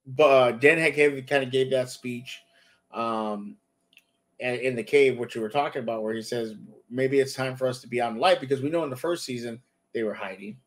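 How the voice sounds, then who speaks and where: A man hosting a relaxed talk show about a TV episode. He retells the scenes with lively quoted lines and talks in an average pitch for a man. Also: moderate pace. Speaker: podcast host. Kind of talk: casual show review chat.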